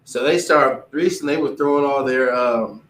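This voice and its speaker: A man giving a casual religious teaching, animated and often mimicking other people's voices. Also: medium pitch, normal speed, slight background noise. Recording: echoey room, distant mic.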